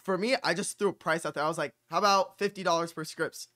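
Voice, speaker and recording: A young man chats about his work in a relaxed, rambling way, leaning on "like" and "bro" in nearly every phrase. His voice sits a little high and sounds bright and forward. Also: quick pace. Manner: loose, says "like" and "bro" constantly. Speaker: copywriting channel host. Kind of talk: casual chat.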